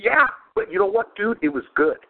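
A man's voice: sits high, very animated, brisk. A man hosting a podcast in casual chat, rambling and crude, laughing often. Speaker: podcast host. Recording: phone-like lo-fi sound.

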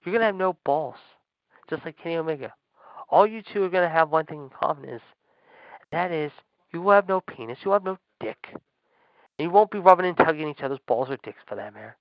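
A man co-hosting a wrestling podcast, loud and crude, taunting and ranting in trash-talk style. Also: fairly high pitch, expressive, quick pace, no room sound. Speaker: podcast co-host. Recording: dull lo-fi dry sound.

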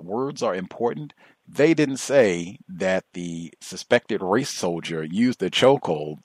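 A man hosting a call-in radio show who speaks in a measured, emphatic way and slows down to stress key words. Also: fairly low pitch, no echo.

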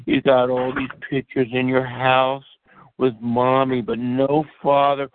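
A male caller trading slow, mocking, drawn-out taunts on a call-in show. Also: medium pitch, little pitch movement, dry recording. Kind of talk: call-in insults. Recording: dry tinny phone line.

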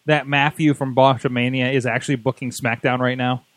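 A man hosting a casual wrestling podcast, animated and prone to stammering restarts. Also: medium pitch, a little fast, dry recording. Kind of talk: casual chat.

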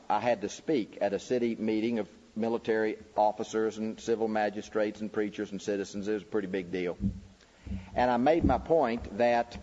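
A man preaching a lecture-style sermon, pushing his voice up with emphasis on key words. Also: dark tone. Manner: emphatic, pitch rising sharply on key words. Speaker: preacher teaching a lecture series. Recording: dull recording with long hall reverb.

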